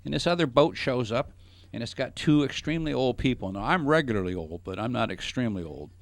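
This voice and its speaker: A man's voice: medium pitch, animated, quick pace, no room sound. A middle-aged man hosting a radio talk show, telling a long joking anecdote in casual chat. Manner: jokey anecdotal storyteller. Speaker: radio show host, financial advisor.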